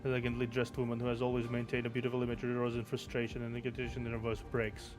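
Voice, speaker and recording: A man's voice: medium pitch, monotone, very fast. A young man streaming, reading a game's story aloud with stumbles and self-corrections. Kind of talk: reading game story aloud, casual chat. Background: background game music.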